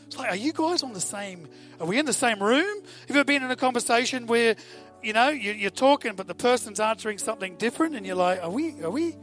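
A man with an Australian accent preaching a sermon, telling the story with animated asides and rhetorical questions to the audience. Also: extremely high pitch, fast, soft background music.

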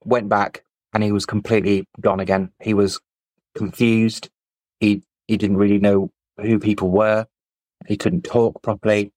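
Male podcast guest, low voice, candid storytelling, dry sound. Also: flat delivery, normal speed, darkish tone, no echo, low-quality recording. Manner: candid, matter-of-fact retelling. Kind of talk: personal storytelling in an interview.

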